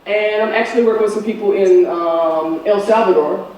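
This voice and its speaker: A woman's voice: mid-range voice, moderate pace, warm tone. Woman answering q&a at a conference, fired up, lots of restarts, echoey hall, mic far off, some hiss. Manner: impassioned, frequent restarts and fillers. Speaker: conference speaker. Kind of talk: answering audience questions after a talk.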